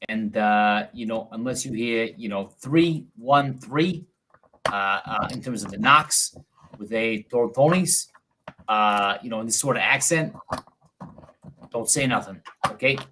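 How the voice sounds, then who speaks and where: A man's voice: fairly low pitch, unhurried, background noise. A man playing in an online tabletop game, talking casually and often stumbling and repeating words. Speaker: player.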